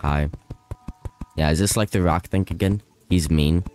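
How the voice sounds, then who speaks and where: A low-voiced man talking slowly and loosely as he streams a game live, reading chat aloud and chatting with viewers. He slides into panicked, laughing outbursts when things go wrong, and there is faint music behind him. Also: darkish tone.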